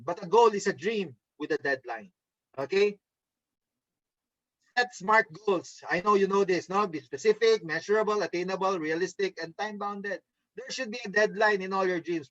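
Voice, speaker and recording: A man's voice: high voice, fairly bright tone, no room sound, muffled recording. A man giving a motivational training talk over a video call, upbeat and coaxing, often checking in with "okay?". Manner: mimics gloomy voices to make a point. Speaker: network marketing trainer. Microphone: video call microphone.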